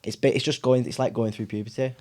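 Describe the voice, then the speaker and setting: Man, thirties, podcast guest, casual storytelling, animated, mid-pitched. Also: fast. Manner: animated, acts out family voices, laughs often.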